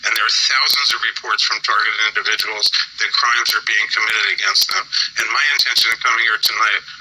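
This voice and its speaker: A man's voice: lowish voice, steady tone, fairly quick, pushed and bright, breathy edge, low-quality recording. A man giving earnest, rambling public testimony at a hearing, with hesitant fillers. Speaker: public commenter.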